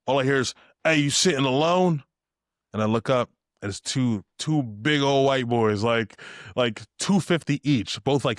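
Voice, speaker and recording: With a mid-range voice, a young podcast guest tells his stories energetically, shifting his voice to act out what people said. The audio is studio quality, free of room sound.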